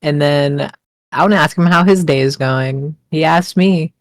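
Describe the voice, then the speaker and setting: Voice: medium pitch, moderate pace, dry recording. A player in a tabletop game describing her character's actions in a hesitant, polite way. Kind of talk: tabletop game role-play over a call.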